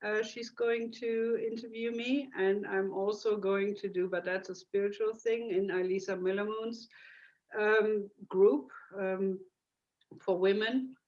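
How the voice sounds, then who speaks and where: A woman's voice: mid-range voice, steady tone, measured pace, darkish tone. A woman, an author being interviewed on a video call, chatting casually and laughing often. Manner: laughs often, tags "isn't it?". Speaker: author guest. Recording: dull lo-fi video call audio.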